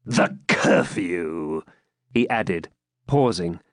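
A man's voice: low voice, animated, drawn-out words, no room sound, clean studio sound, voice pushed down, heavily acted. A man voicing a proud, bitter old Saxon lord who speaks with indignant declamation in an audiobook reading.

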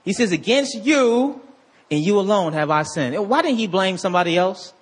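Husky high-voiced guy preaching, slows right down to read scripture then gets worked up, keeps asking the congregation to answer back. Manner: animated preaching, swinging from low slow reading to high excited asides; calls out to the congregation for responses. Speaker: pastor. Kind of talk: sermon.

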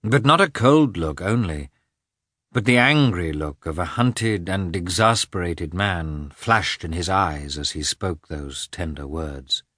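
A man narrating a classic novel as an audiobook, telling it in an expressive, measured way. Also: sits low, dry recording, studio quality. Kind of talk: scripted narration.

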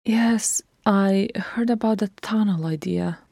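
A woman reader voicing a brash, loud younger sister who teases gleefully, in a fan-read audiobook. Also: mid-range voice, takes it slowly, vocal fry, breathy edge, dry recording, studio quality, voice pushed up, exaggerated voice. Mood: teasing.

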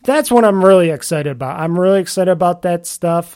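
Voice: mid-range voice, brisk, a little mellow. A podcast host in a casual solo chat about games, rambling and often restarting sentences, with an offhand, mildly grumbling manner.

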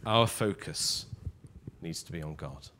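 Measured male preacher. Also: low voice, lively intonation, bright, forceful tone. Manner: measured, emphatic, drops to near-whisper on key words. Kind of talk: sermon.

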